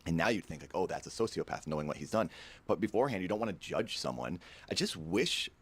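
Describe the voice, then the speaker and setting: A man recounting a personal story for his vlog, somber and earnest throughout. His voice is extremely deep, sitting far lower than most men's. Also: expressive, fast talker, slightly rough. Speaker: vlogger telling a personal story.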